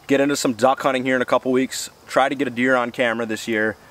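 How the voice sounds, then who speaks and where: A man's voice: medium pitch, steady tone, quick pace, fairly bright tone. Chatty outdoorsman, distant mic. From US Midwest. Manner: folksy, chatty, enthusiastic. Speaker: outdoor show host. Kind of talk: casual outdoor cooking vlog. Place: outdoors near woods.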